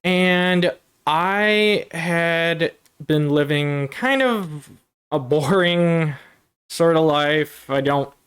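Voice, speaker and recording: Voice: medium pitch, very slow, a bit bright, smooth. A VTuber guest answering interview questions casually, in a meandering way with many hesitations.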